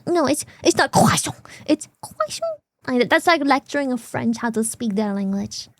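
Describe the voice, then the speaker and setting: A woman's voice: fairly high pitch, animated, normal speed, no echo. A German woman streamer with a German accent, chatting casually in a sarcastic, giggly way and swearing freely. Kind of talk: casual chat.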